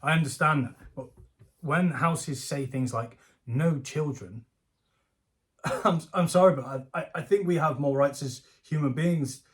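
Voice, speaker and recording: A man's voice: a little high, unhurried, breathy edge. A man giving casual, jokey commentary from home as a YouTuber, rambling and laughing often. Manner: chatty, jokey, self-deprecating, laughs often. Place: home room.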